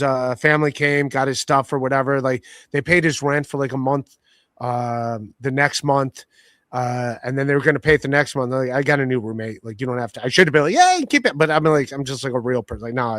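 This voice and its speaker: A man's voice: medium pitch, fairly bright tone, dry recording, studio quality. A man hosting a podcast, telling a long story in casual chat with lots of fillers and restarts. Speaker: podcast host.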